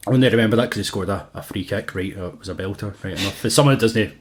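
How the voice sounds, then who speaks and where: A young Glaswegian man from Scotland co-hosts a casual podcast chat, telling stories with lots of laughter and acting out quotes. His voice is fairly low and his delivery rapid-fire.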